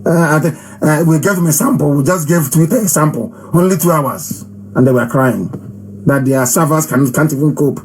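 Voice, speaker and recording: A man giving an impassioned live broadcast address, emphatic and repetitive, hammering phrases with long pauses. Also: fairly high pitch, slight background noise, poor audio. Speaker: movement leader hosting a live broadcast.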